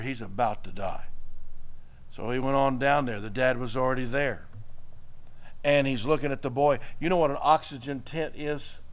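A man's voice: mid-range voice, clean tone. A man preaching a sermon, telling a story and building to emphatic exhortation. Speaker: pastor.

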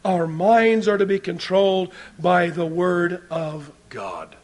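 A man preaching a sermon, moving between loud emphatic points and quiet asides to the congregation. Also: high voice, lively intonation, takes it slowly.

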